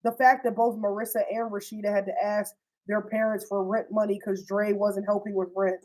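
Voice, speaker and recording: A young woman casually recapping a TV series, animated and slangy, swearing freely and acting out the characters' lines. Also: mid-range voice, a little fast, poor audio. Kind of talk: casual storytime chat.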